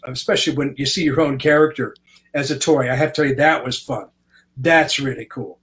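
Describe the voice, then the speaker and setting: Brief: older male voice actor, fairly high voice, lively storyteller, from Canada. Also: normal speed, low-quality recording. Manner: animated, slips into voices while telling stories. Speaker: guest voice actor. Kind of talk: casual interview storytelling.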